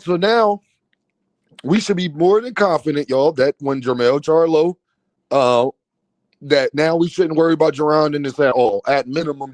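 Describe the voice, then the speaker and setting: High voiced guy ranting about boxing on his stream, keeps laughing, dead dry sound. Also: dry recording. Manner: laughs a lot, mocking, repeats a running catchphrase; talks to live chat, slangy. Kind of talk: casual live-stream commentary.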